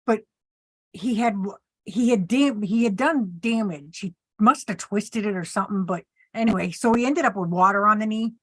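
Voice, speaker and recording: A woman tells stories in a loose, casual chat, mid-pitched and lively, slipping into voices for the people she quotes. The sound is dry and close, with no room echo. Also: normal speed, breathy edge. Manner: animated storyteller, acts out quotes, laughs often.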